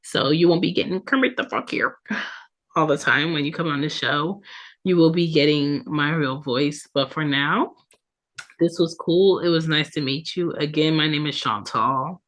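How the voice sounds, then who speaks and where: A woman in her thirties hosts her own podcast, talking alone in a casual way full of ums and tag questions. Her voice sits low, she speaks at a normal speed, and allergies leave her sounding congested.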